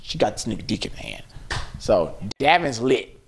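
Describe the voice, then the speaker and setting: A man hosting a podcast, telling a story in casual chat, animated and laughing often as he acts out quotes. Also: lowish voice, normal speed, creaky, slight background noise. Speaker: podcast host. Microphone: podcast studio mic.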